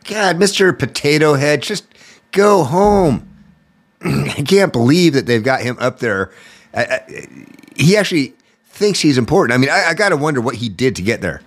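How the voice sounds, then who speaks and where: A male podcast host delivers political commentary in a mocking, exasperated rant. His voice sits at an ordinary middle pitch. He talks like someone airing grievances to a loyal audience. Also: very animated, moderate pace, a bit bright.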